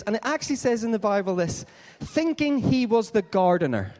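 A man's voice: sits high, brisk, hardly any pauses. A man, a pastor giving an Easter sermon, telling stories animatedly and acting out the dialogue. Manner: animated storyteller, acts out dialogue. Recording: long hall reverb.

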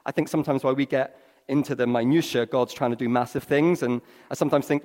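A man preaching a sermon, telling stories with swings from hushed to excited. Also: medium pitch, quick pace. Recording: long reverb of a large hall.

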